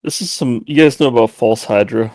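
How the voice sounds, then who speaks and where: A man's voice: mid-range voice, a little fast, darkish tone, no echo. Male player, jokey and profane, dry close sound. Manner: joking, profane outbursts. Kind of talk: casual chat at a tabletop game.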